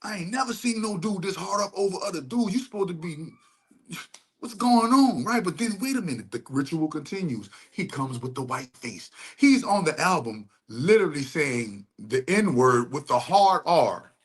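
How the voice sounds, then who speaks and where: A man's voice: a little high, lively intonation, normal speed, husky. A young adult man giving heated, rambling commentary full of profane street slang. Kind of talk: ranting commentary.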